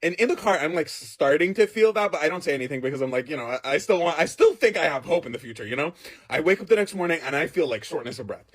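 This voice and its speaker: A man telling a casual storytime vlog in a profane, animated way, laughing as he goes. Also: fairly high pitch, quick pace. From Jordan.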